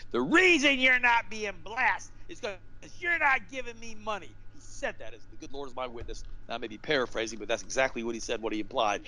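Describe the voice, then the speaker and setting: A man's voice: medium pitch, fairly bright tone, slight background noise, poor audio. A man speaking as a guest on a show, delivering his points in a fiery, emphatic, preacher-like way with repeated rhetorical questions. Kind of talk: impassioned interview talk.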